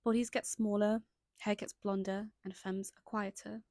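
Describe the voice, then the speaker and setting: A woman's voice: medium pitch, level tone, moderate pace, darkish tone, no room sound. A young woman narrating a scripted video essay, stopping now and then for chatty, self-conscious asides. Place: indoors at home, lighting changing.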